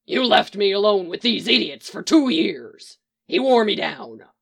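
A woman reading aloud, voicing a gruff burly man who snarls his lines. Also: mid-range voice, big pitch swings, unhurried, full character voice.

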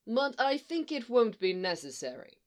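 A woman voicing a calm male Jedi master who speaks reasonably, with a dry, teasing edge. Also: fairly high pitch, normal speed, voice pushed up. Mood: dry, reasonable.

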